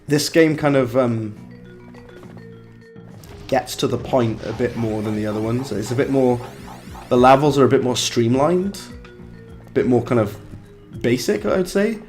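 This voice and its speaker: Brief: young male game streamer, mid-pitched voice, talkative, reacts out loud as he plays. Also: moderate pace, long pauses, faint music behind. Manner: chatty, reacts aloud and banters with chat. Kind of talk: live gameplay commentary.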